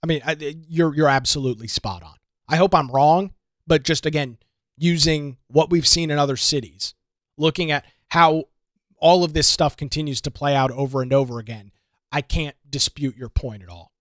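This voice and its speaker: A man hosts a political talk show, pressing his points with emphatic, indignant repetition. His voice sits a little high for a man. The sound is close and dry, with no room around it. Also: normal speed, a bit bright, no room sound. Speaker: radio talk show host.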